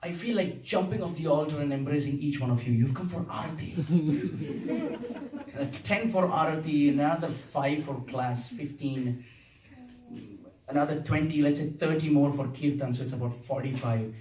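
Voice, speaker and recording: A man's voice: fairly high pitch, normal speed, a little mellow. A man giving a playful, humorous devotional class to a temple audience, laughing often and reciting verses. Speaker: preacher giving a Sunday class. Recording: echoey hall, distant mic, faint hiss.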